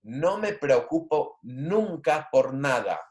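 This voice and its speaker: A man with a Southern US accent explaining Spanish grammar in a relaxed classroom style, often checking in with his listeners. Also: a little high, a little slow. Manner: casual, explanatory, checks in with "okay?" and "right?". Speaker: Spanish teacher. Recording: echoey room.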